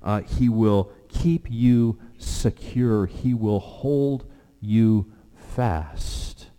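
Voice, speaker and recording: A man preaching a sermon as pastor, earnest, with animated stretches and hushed prayerful moments. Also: on the low side, very slow, clean tone. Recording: long hall reverb.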